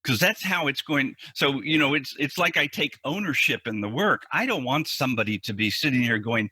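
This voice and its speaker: A man with a bright, forceful voice that has a husky edge. He talks as an interview guest, explaining his ideas earnestly and with emphasis, and often doubles back to repeat words. The sound is dry and close. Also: medium pitch, lively intonation, moderate pace, no echo. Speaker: psychologist guest.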